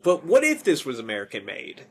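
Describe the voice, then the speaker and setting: A man's voice: a little high, wildly swooping pitch, fairly quick, slightly rough. A man hosting a podcast in casual chat, rambling, correcting himself and laughing often. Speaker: podcast host.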